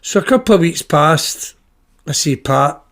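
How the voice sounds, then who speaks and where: A middle-aged Glaswegian podcast host from Glasgow, Scotland tells personal anecdotes bluntly, swearing freely and acting out the dialogue he quotes. His slightly high, a bit bright voice has lively intonation and a measured pace.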